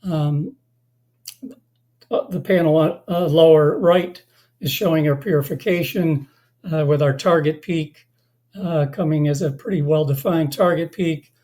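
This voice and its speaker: A presenter giving a technical webinar, slightly hoarse from losing their voice, talking in a halting way with many fillers and restarts. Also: mid-range voice, warm tone. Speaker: company presenter.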